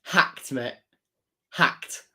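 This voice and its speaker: A young man hosts a laid-back football livestream as a fan, chatting and reading viewer comments aloud with joking asides. He speaks extremely slowly, and his tone is sharp.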